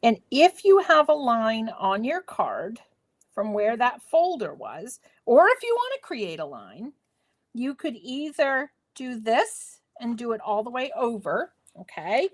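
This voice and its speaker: A woman's voice: on the high side, very animated, a little slow. A woman hosting a live crafting tutorial from her home craft space, chatting playfully with viewers as she works. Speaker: craft demo host.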